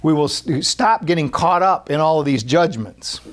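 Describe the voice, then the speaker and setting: A man's voice: on the high side, animated, normal speed. A man preaching an earnest spiritual talk, restarting his phrases often and acting out what people say to themselves. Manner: earnest, repetitive, with many restarts and acted-out quotes. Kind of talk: spiritual sermon.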